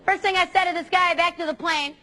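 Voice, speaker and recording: A woman's voice: extremely high pitch, fairly even intonation, fast, bright, forceful tone. A woman youth speaker giving an earnest, emphatic motivational talk to students.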